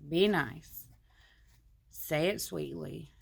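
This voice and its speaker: Low, gravelly-voiced woman reading aloud. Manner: plainspoken, homey, slows down on the read passages. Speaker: vlogger. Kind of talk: reading a marriage book aloud with casual commentary. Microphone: phone.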